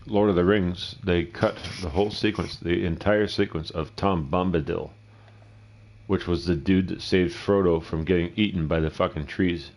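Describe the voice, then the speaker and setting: A middle-aged man with a very low voice rambles through a casual gameplay session. He swears freely and wanders between stories, now and then talking back to himself. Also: fairly even intonation, normal speed, a little mellow. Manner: profane, rambling, talks to himself. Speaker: gameplay streamer.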